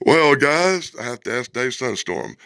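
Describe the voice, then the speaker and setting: A man's voice: medium pitch, sing-song, unhurried, gravelly, bright, forceful tone, no room sound, clean studio sound. A man hosting a comic book review vlog, giving a sarcastic, mocking running commentary as he pages through an old comic. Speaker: host.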